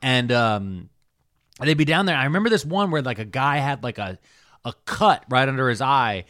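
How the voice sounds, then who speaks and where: A man's voice: medium pitch, lively intonation, normal speed, a bit bright, dry recording, clean studio sound. Joking, swearing man in podcast chat. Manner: joking, profane, riffing. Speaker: podcast co-host. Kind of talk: casual chat.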